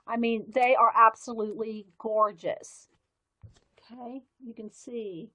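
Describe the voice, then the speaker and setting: Southern lady on a live art stream, kinda high voice, rambly, keeps getting sidetracked. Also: steady tone, a little slow, pushed and bright, lo-fi sound. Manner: chatty, rambling, easily sidetracked. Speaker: livestream art host. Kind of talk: casual live-stream chat while demonstrating pens.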